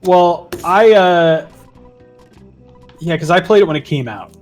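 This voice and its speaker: A man's voice: high voice, animated, slow, faint music behind. A man in his thirties, a guest on a let's-play stream, chatting casually and joking while laughing easily. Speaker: co-host guest. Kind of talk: casual gameplay chat.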